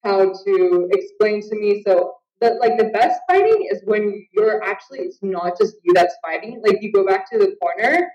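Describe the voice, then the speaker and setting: A woman's voice: mid-range voice, lively intonation, moderate pace, hardly any pauses. Woman guest on a video call, chatty and filler-heavy, sounding far off in an echoey room with muffled audio. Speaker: guest, Muay Thai fighter. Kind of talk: casual interview chat. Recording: roomy, distant, dull call audio.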